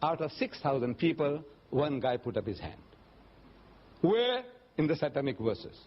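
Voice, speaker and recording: Speaking fairly quickly in a husky voice, an older man delivers a religious public lecture and takes audience questions. He acts out quoted voices with sudden rises in pitch while telling animated stories. The recording sounds dull and lo-fi.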